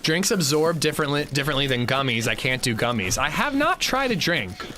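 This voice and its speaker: A man's voice: a little high, sing-song, brisk, pushed and bright, slight background noise. A man streaming a game, chatting casually and rambling in a self-mocking way. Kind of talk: casual chat while gaming.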